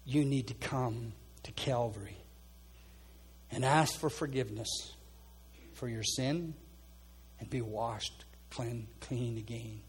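Husky-voiced man preaching earnestly. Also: takes it slowly. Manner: earnest preaching, drops soft and low for quoted prayers. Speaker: pastor. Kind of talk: sermon with altar call and prayer.

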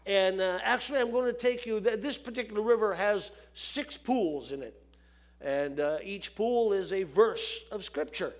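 A man's voice: high voice, normal speed. A man preaching a sermon, folksy and repeating phrases for emphasis.

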